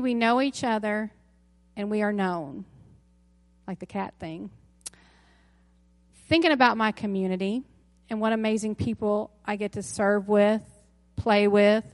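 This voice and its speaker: A woman's voice: mid-range voice, darkish tone, dry recording. Conversational woman pastor preaching a sermon. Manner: conversational, self-correcting with asides. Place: church sanctuary.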